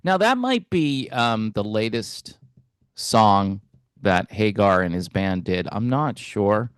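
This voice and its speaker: A man hosting a music commentary channel, talking in a relaxed, hesitant way with wry asides. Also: lowish voice, takes it slowly, clear, resonant tone, dry recording, studio quality. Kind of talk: casual reaction commentary.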